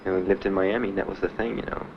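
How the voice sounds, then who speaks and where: On a muffled, dull recording like a 1970s archive tape, a young veteran gives spoken testimony over a faint hiss. His slightly low voice is plain and halting, full of pauses and fillers, and his tone stays steady.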